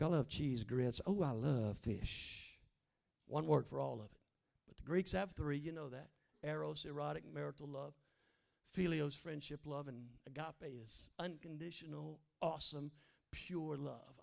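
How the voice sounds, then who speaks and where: A middle-aged man preaching an animated sermon, swinging from loud acted lines to low, hushed asides. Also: moderate pace, creaky. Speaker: guest preacher.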